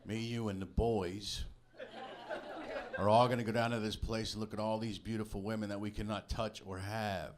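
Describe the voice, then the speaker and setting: On a comedy club stage, a man performs stand-up in a lowish, flat voice at a moderate pace, talking conversationally and acting out the people in his stories. The live recording is noisy, with audience laughter in the background.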